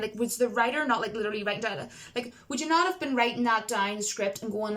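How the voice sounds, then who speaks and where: A woman with a fairly high-pitched voice delivers a casual film review straight to camera. She rambles and restarts, packs in fillers and leans hard on her opinions. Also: fairly quick, a bit bright. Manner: rambling, chatty, emphatic, lots of fillers.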